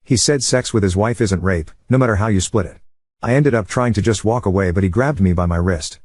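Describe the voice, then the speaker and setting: A man narrating an online post as scripted narration, with a brisk, even reading. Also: fairly low pitch, no echo, clean studio sound. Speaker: story narrator.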